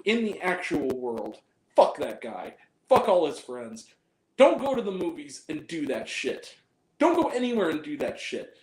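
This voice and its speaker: A high-pitched man hosts a movie review channel, ranting hotly and swearing freely. He circles back and repeats himself as he vents. The room around him rings with noticeable echo. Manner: profane, heated, repeats himself. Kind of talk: angry ranting vlog monologue. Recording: roomy echo.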